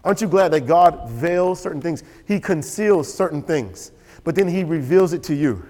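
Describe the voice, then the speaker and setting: A man preaching a sermon as pastor, animated and storytelling. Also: on the high side, moderate pace. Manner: animated, storytelling with quoted voices and laughter. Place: church sanctuary. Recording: church hall with long reverb.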